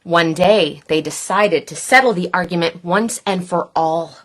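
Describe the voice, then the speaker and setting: A woman reading a children's picture book aloud in a playful, expressive way. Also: fairly low pitch. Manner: playful, expressive, slow and deliberate. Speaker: storyteller.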